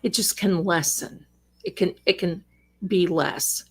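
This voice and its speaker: A woman hosting a casual livestream from home, chatting with viewers at a desk microphone, rambling warmly and calling them darling and sister. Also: fairly low pitch, slow pace, vocal fry, breathy edge. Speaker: livestream host and psychic reader. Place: home, cat on her lap.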